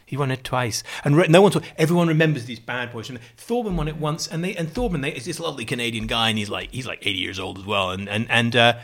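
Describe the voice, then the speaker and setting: A man's voice: mid-range voice, quick pace, few pauses, fairly bright tone. A man in his forties telling a rambling, self-mocking story in casual chat, full of restarts.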